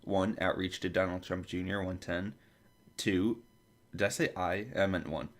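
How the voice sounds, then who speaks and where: A podcast host with a low voice and fairly even intonation reads a long table of contents aloud, unhurried. He has a dry throat and coughs, stumbles over foreign names, and makes asides along the way.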